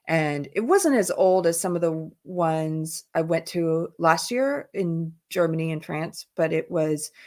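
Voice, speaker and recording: A chatty woman hosts a live stream, rambling through stories and answering comments from her chat. Her voice sits low for a woman, and she laughs easily as she talks. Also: darkish tone. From South Carolina, USA. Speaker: livestream host. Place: indoors while traveling. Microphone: headphones in, computer mic.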